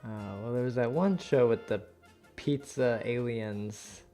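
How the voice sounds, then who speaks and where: A man's voice: medium pitch, measured pace, dark tone, faint music behind. A man co-hosting a podcast, guessing quiz answers casually and thinking aloud. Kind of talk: casual chat.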